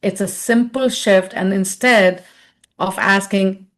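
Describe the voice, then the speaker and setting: A woman speaking in a webinar as a leadership consultant, with a mid-pitched voice. She moves through her points by telling personal stories, and she often checks in with her audience by asking "right?". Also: fairly even intonation, takes it slowly, a bit bright. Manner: chatty storyteller, tags lines with "right?".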